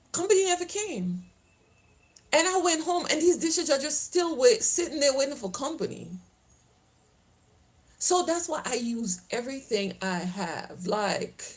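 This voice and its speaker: A middle-aged lifestyle vlogger from the Caribbean islands talks to her viewers in a high voice, her Caribbean accent blended with a Southern US one. She chats outdoors and then heads home, rambling casually and laughing a lot, on a low-quality recording.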